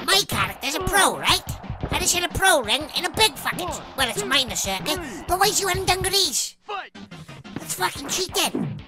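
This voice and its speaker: A woman with a British accent commentating as she plays a video game, swearing constantly and shouting insults at her opponent. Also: high voice. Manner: foul-mouthed, shouting insults at the screen. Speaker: gamer. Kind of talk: let's play commentary. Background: game music.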